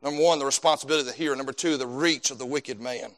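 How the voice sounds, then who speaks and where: A man's voice: medium pitch, rapid-fire, a bit bright. A male preacher delivering a sermon with fervent, repetitive emphasis. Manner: fervent, repeats words while building points.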